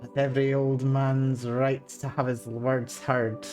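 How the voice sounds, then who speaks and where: A woman voicing a gruff, boastful old male pirate captain with a Scottish accent and rough sailor dialect, reading a journal aloud in character. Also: extremely low pitch, little pitch movement, a little slow, dark tone, soft background music, pitched below the performer's own voice.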